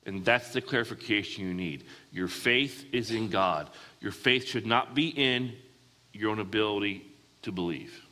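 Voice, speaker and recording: A man's voice: lowish voice, moderate pace, sharp tone. A man preaching a sermon, often asking his listeners questions and answering them himself. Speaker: pastor. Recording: hall with long reverb.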